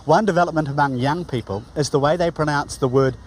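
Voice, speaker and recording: A man's voice: a little high, fast talker, slight background noise, low-quality recording. A man with a New Zealand accent presenting a documentary in a conversational way.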